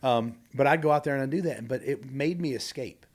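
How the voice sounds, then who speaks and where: A man guest on a podcast, telling candid stories from his life in a rambling, animated way with many asides. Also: medium pitch, fairly quick. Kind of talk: candid storytelling conversation.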